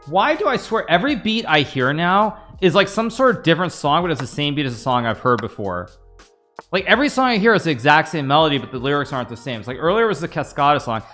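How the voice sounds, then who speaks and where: Animated man chatting while playing chess. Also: fairly high pitch, quick pace, faint music behind. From United States. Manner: chatty, rambling, talks to chat while playing. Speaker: chess streamer. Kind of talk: live-stream commentary.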